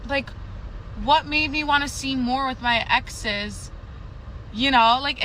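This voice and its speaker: Bright-voiced hesitant young-sounding woman. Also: high-pitched, slow, long pauses, slight background noise, low-quality recording. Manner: hesitant, rambling, many fillers. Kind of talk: candid personal talk.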